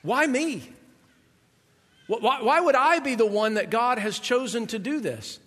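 A male pastor voicing an anxious young woman who rushes through worried questions, in a sermon. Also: very high-pitched, fairly bright tone, heavily acted. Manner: worried, rapid string of questions. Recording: long hall reverb.

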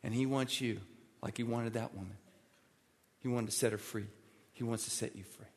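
In a steady, medium-pitched voice at an ordinary pace, the pastor delivers a pleading, emphatic sermon, hammering home his points through repetition. The church sanctuary gives the sound a long, large-hall reverb.

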